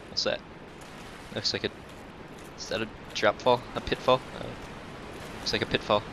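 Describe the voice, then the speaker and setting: A man doing casual let's-play commentary, cursing and taunting enemies, dropping to mutters and then breaking into loud outbursts. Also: fairly low pitch, noisy background. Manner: profane, talks back to enemies, swings between mutters and outbursts. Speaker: gameplay commentator.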